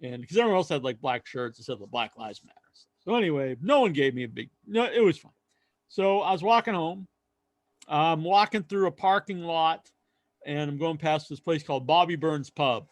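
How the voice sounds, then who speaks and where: A man co-hosting a podcast, telling a long story in casual chat and acting out other people's lines loudly. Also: a little high, lively intonation, normal speed, dry recording. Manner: rambling storyteller, acts out quoted voices loudly. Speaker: podcast co-host.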